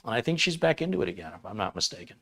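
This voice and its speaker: A man's voice: mid-range voice, very animated, racing, bright, forceful tone. A man in his fifties hosting a casual livestream chat, rambling and joking at his own expense. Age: 50s. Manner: rambling, self-deprecating, jokey. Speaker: livestream host.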